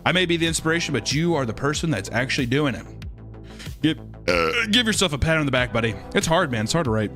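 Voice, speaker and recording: A man's voice: fairly high pitch, fairly bright tone. A man chatting casually on a live stream while drawing, rambling and joking with crude humor.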